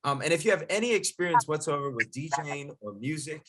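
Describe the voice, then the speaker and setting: A man's voice: on the high side, expressive, fast talker, a bit bright, a little hiss or hum. A man as a DJ instructor, leading a casual online workshop in an upbeat, chatty, jokey way over a video call.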